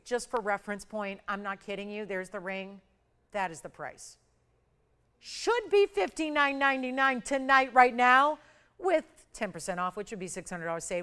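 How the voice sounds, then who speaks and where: Excitable woman hosting live jewelry sales. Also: a little high. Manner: urgent, excitable, building hype over prices. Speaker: jewelry shopping channel host. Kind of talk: live home-shopping sales pitch.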